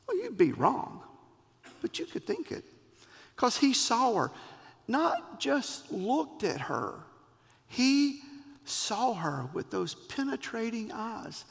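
A man preaching a sermon, expressive, with dramatic pauses and voiced quotes. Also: high-pitched, gravelly, long reverb tail. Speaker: pastor.

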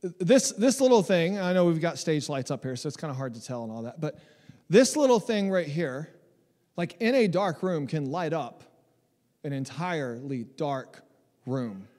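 A man in his thirties, a pastor preaching a sermon on a church stage, animated and emphatic, acting out voices and repeating lines for effect. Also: on the high side, normal speed, big-room sound. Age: 30s.

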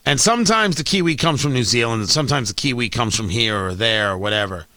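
A man hosting a talk show, delivering an animated, sarcastic political rant. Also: medium pitch, fast talker, dry recording, clean studio sound. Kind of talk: opinionated political monologue.

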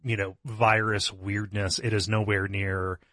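Lower-voiced man breaking down a game. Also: level tone, measured pace, bright, forceful tone, no room sound, clean studio sound. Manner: analytical, repeats words while thinking. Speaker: podcast co-host. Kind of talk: casual video game discussion.

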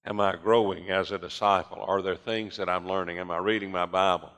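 Older male pastor, low bright voice, preaching with rising fervor in a big reverberant sanctuary. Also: fairly even intonation, fairly quick. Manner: preaching with rising fervor, voicing listeners' objections. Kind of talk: sermon. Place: church sanctuary. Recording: long reverb of a church hall.

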